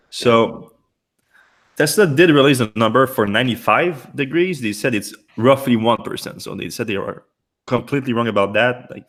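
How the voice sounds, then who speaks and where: A man hosting a casual podcast chat, slightly hoarse from being a little sick and talking in halting bursts with many restarts. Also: mid-range voice, fairly bright tone. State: losing his voice, a little sick. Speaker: podcast host.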